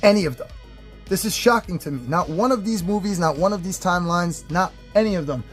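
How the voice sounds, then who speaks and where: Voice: mid-range voice, expressive, fairly quick, soft background music. A movie and toy reviewer talking casually to camera in a blunt, opinionated rant, swearing often and rambling with fillers and restarts. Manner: rambling, with fillers and self-corrections. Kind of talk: casual ranting chat to camera.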